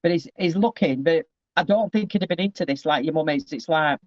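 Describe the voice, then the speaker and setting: Chatty man, high voice. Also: fairly quick, no echo, muffled recording. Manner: chatty, rambling, keeps breaking off with asides. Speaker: psychic medium giving a reading. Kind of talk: casual one-to-one reading. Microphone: video call.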